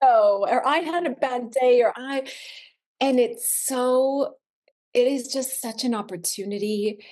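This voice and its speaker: Earnest reflective woman, slowing on key words. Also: a little high, a little mellow. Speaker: wellness expert guest. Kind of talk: casual heartfelt conversation.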